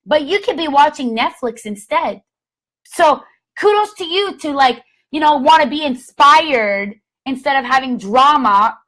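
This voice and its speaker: A young woman, a direct-sales consultant, giving an energetic, blunt motivational live chat that is peppered with casual swearing. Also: sits high, unhurried, rough recording. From Canada. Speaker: Scentsy consultant and motivational vlogger.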